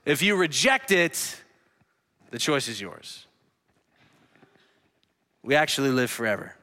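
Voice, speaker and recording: A man pastor preaching a sermon in a church, earnestly swinging between hushed lines and emphatic ones. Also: medium pitch, sing-song, slow. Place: church sanctuary. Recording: long hall reverb.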